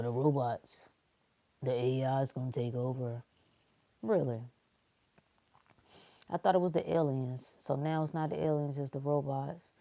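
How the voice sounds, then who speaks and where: A woman with a low, gravelly voice hosts a casual spiritual talk. She speaks bluntly and animatedly, jumping from loud emphasis to quiet, hushed asides.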